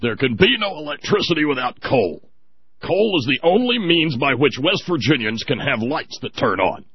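A man voicing a domineering, preachy coal booster in a loud, commanding, mocking tone. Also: fairly high pitch, sing-song, moderate pace, breathy edge, no room sound, pitched above the performer's own voice, full character voice. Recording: dry, dull lo-fi audio.

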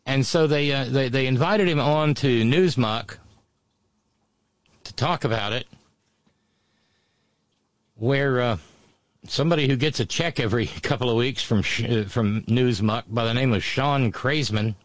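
Slow, sarcastic male commentary host. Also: no room sound. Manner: mocking, drawn-out delivery with sudden high exaggerated exclamations. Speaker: show host. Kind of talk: sarcastic commentary over played audio.

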